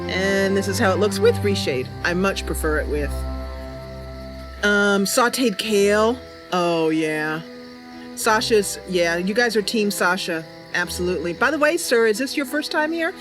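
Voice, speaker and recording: A woman host chats casually over her gameplay livestream, rambling and answering viewers' messages. She speaks slowly with a lively, rising and falling tone. Music plays behind her. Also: mid-range voice. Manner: chatty, rambling, full of fillers, reads out chat. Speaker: streamer.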